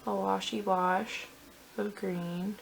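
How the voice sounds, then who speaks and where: Chatty young woman with a gravelly edge. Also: mid-range voice, fairly even intonation, slow, slight background noise. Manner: chatty, self-deprecating, many fillers like "like". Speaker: beauty vlogger. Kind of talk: casual chat while doing makeup.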